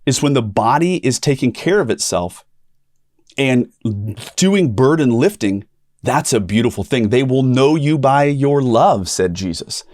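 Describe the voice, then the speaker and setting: Animated male ministry podcast host. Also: mid-range voice, unhurried, no room sound, clean studio sound. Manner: animated storyteller, acts out quoted voices, repeats words. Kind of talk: storytelling in a ministry podcast conversation.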